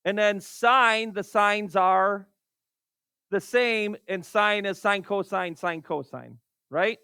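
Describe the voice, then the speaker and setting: A man's voice: high voice, slow pace, vocal fry, sharp tone, clear, resonant tone, dry recording. A man teaching a math class, calling on students by name and exasperated by wrong answers. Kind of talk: classroom lecture.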